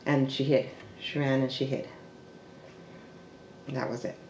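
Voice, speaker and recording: A man telling a family oral history in a halting way, full of restarts and trailing fillers, and sometimes dropping to a soft hush. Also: medium pitch, level tone. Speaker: family storyteller. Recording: echoey room with faint background noise.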